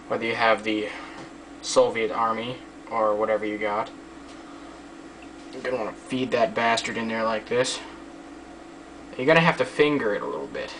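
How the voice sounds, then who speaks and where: A man's voice: mid-range voice, sharp tone. A man giving a casual hands-on tutorial, rambling and joking with a lot of swearing. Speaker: how-to video maker. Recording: distant mic with faint background hiss.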